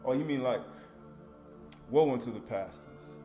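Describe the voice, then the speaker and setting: A man's voice: mid-range voice, unhurried, pauses often, warm tone, roomy sound, soft background music. A man preaching a Sabbath sermon in a loose, conversational way, rising to emphatic readings of scripture.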